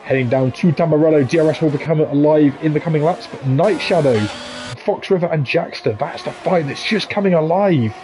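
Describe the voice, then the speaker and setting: A man calling a live sim race in a slightly high, bright-pitched voice. He talks in a chatty, joking way, with quick asides between the race calls. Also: noisy background. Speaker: esports race commentator. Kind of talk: live sim racing commentary.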